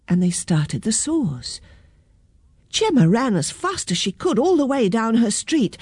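A woman reads a children's story aloud, slow and gentle. Her voice is soft and breathy with a lively, rising and falling melody, recorded close and dry. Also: medium pitch, dry recording. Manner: gentle, clear storybook reading. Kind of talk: reading a children's picture book aloud.

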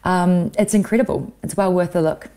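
Casual woman guest on the radio, keen and informative, mellow tone. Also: on the low side, fairly even intonation, normal speed. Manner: enthusiastic, informative. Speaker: correspondent. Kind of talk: radio interview.

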